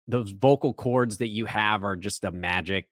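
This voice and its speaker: A man from the United States, a guest actor, talking in a casual interview and getting animated when excited. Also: lowish voice, normal speed, dry recording, studio quality.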